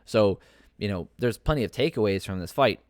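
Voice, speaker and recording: A man's voice: on the low side, lively intonation, fairly quick, a little mellow, dry recording, studio quality. A man hosting a podcast, giving casual, opinionated fight commentary that rambles with many fillers and restarts. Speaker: podcast host.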